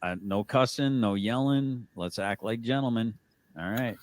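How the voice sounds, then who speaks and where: A man's voice: mid-range voice, a little slow, no room sound. A man moderating a panel in a blunt, commanding, profane manner.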